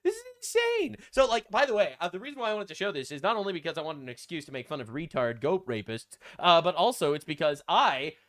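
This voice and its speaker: Animated young man with mocking sarcasm. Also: fairly high pitch, fast, few pauses. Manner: sarcastic, crude mocking jokes. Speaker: commentary host. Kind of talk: reaction commentary.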